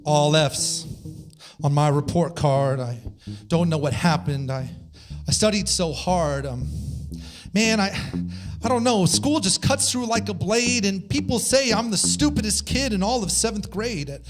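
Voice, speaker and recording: A man's voice: high voice, animated, a little slow, soft background music. A man performing comic rhyming poetry on stage, half rapping and half singing in a rhythmic delivery. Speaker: spoken word performer. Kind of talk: comic rap poetry over live music. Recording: live stage with band playing.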